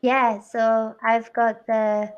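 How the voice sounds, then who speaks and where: A woman's voice: fairly high pitch, level tone, clean tone, muffled recording. A woman with an Edinburgh Scottish accent, hosting a casual livestream chat and laughing easily. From Scotland. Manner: giggly, chatty, quick to laugh. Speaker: stream host.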